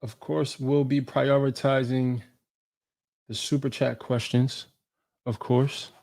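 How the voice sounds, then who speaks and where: A man's voice: mid-range voice, flat delivery, slow pace, creaky, darkish tone. A man from New York hosting a casual live Q&A stream, talking loosely in slang and greeting viewers by name. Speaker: fitness creator hosting a live Q&A. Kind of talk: casual livestream chat.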